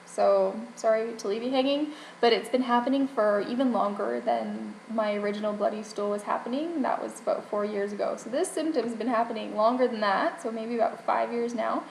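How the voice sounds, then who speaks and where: A woman's voice: fairly high pitch, fairly even intonation, fairly quick, creaky, few pauses, slight background noise. A young woman vlogging candidly about her health, emotional and rambling, with frequent restarts and laughs. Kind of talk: personal health vlog. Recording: echoey room with faint ambience.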